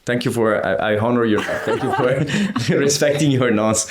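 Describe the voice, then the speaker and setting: An interviewer asks easygoing questions at a middle pitch. The manner is encouraging and quick to laugh. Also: lively intonation, a little hiss or hum. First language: Italian.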